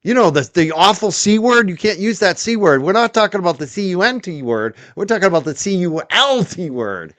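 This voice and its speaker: A mock-stern buddy , as a man puts him on, lectures his pal in an exaggerated sing-song. The voice swings way up above the man's usual high register. The sound is dry and close. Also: brisk, few pauses, fairly bright tone, no echo. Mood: mock scolding.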